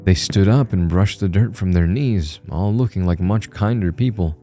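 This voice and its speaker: A man narrating a scripted horror story in a calm, measured way. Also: low-pitched. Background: soft music.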